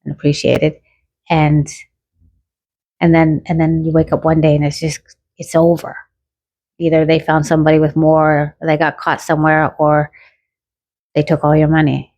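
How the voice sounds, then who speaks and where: A middle-aged woman with a fairly low voice tells a personal story in a casual way. She is animated and acts out the lines of dialogue as she goes. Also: moderate pace, long pauses. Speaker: guest telling a personal story.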